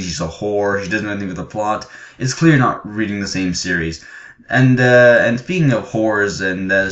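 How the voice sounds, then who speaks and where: A man giving a casual, excitable and profane review of an anime chapter, gushing about his favorites, in a muffled, echoey recording. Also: fairly low pitch. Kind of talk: casual enthusiastic review vlog.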